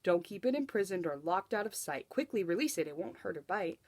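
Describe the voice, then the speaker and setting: A woman voicing a cheerful, excited male court jester in a rhyming storybook, with an exclamatory, sing-song delivery. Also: on the low side, fairly quick, no room sound.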